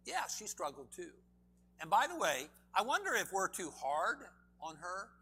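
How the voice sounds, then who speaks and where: A man's voice: fairly high pitch, sharp tone, a little hiss or hum. A man preaching a sermon in a church, emphatic and full of questions to the congregation. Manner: emphatic, asks the audience many questions.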